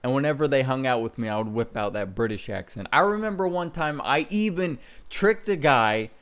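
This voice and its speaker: Young guy host making fun of himself, casual commentary, joking tone, normal pitch. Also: animated, brisk, a bit bright, clean tone. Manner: self-mocking, joking, laughs at himself. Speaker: YouTuber host. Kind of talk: casual commentary on old videos.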